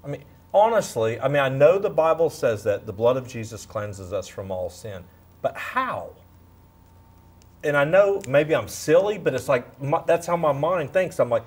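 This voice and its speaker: A man in his fifties sharing a lively faith testimony as a guest, acting out quotes as he tells it. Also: medium pitch, moderate pace, slightly rough. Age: 50s. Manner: animated, storytelling, acts out quotes. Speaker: guest speaker. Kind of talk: faith testimony in a talk show.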